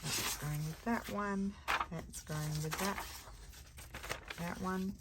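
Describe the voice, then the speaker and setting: An older Australian woman with a low voice talks through a craft project at her table, chatty and easily sidetracked. She sounds tired. Steady noise runs under the recording. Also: slow pace. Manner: chatty, easily distracted, thinks aloud while working. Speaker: craft channel host. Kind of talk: casual crafting chat.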